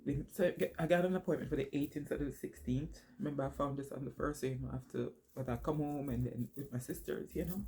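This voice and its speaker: A woman's voice: extremely low pitch, fairly even intonation, quick pace, few pauses, warm tone, a little hiss or hum. A woman vlogger telling a personal story to her phone camera, rambling and losing her train of thought along the way.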